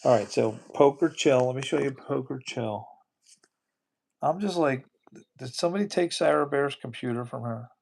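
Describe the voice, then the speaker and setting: A man's voice: mid-range voice, normal speed, creaky, darkish tone. A man hosting a casual livestream, rambling and repeating his words, often breaking into disbelieving exclamations. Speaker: livestream host.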